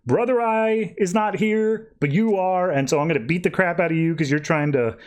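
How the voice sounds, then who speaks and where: A fed-up young Batman , put on by a man, ranting in a raised, strained voice well above a normal speaking pitch. He sounds completely out of patience. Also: normal speed, lightly acted. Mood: exasperated. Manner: shouty, exasperated ranting.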